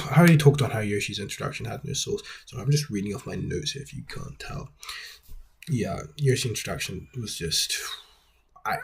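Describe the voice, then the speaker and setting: A man's voice: medium pitch, darkish tone, breathy edge. A man hosting a video essay, giving casual critical commentary in a wry, rambling way.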